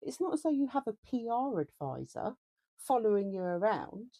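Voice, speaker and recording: A woman podcast co-host chatting casually, with quick quips and swearing. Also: fairly high pitch, big pitch swings, mellow, dry recording. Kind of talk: casual chat.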